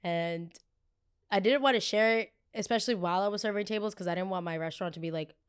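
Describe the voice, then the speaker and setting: Young woman, twenties, podcast host, casual storytelling, animated, swears, smooth voice, mid pitch. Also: quick pace. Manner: candid, animated, swears freely.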